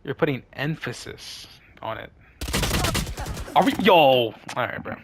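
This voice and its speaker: A man's voice: medium pitch, lively intonation, measured pace, background noise. A young man rambling casually with slang and lots of fillers while he plays a game. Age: young adult. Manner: laid-back slangy rambling with many fillers. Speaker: streamer.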